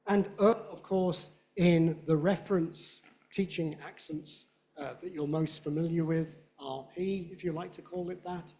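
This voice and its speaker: A middle-aged man with a Southern British accent giving a playful, animated lecture on phonetics and demonstrating sounds aloud. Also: fairly high pitch, a little slow, few pauses. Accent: Southern British English. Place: lecture hall.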